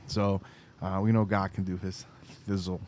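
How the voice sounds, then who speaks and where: A man's voice: low-pitched, flat delivery, moderate pace, a little mellow, slight background noise. A man co-hosting a casual faith podcast. He rambles, often restarts phrases, and reads news articles aloud. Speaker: podcast co-host.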